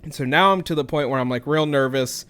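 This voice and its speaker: A young man co-hosting a podcast, telling a story in a casual, profane, animated way. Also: a little high, fast, smooth. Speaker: podcast co-host.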